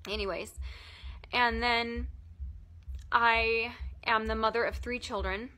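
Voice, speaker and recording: Woman in her thirties, vlogger, tearful and halting, bright, slightly high voice. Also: fairly even intonation. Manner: emotional, halting, many "like" fillers. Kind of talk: personal storytelling vlog.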